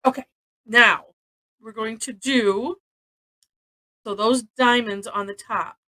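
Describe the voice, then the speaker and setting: A woman's voice: on the high side, fairly even intonation, slow, bright, forceful tone, rough recording. A woman from Missouri teaching a live-streamed drawing lesson, chatty and rambling, often laughing between steps.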